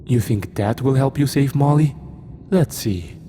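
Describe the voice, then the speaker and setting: A man voicing a cold, calm demon that speaks through a possessed girl, menacing and intelligent, in a horror story reading. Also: medium pitch, unhurried, slight background noise, pitched above the performer's own voice, lightly acted. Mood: mocking cruelty.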